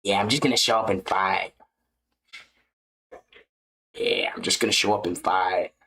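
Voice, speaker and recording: A laid-back fighter speaks in a voice dropped well below normal, flat and deadpan, repeating the same phrase with no energy, as a man puts him on. He sounds unbothered and monotone throughout. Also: low voice, measured pace, vocal fry, slight background noise, voice pushed down, full character voice.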